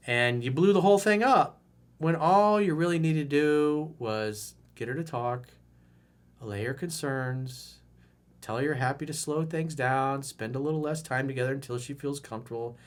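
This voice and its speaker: A middle-aged man coaching dating in a video advice monologue, blunt and animated, now and then mimicking loud, high-pitched outbursts.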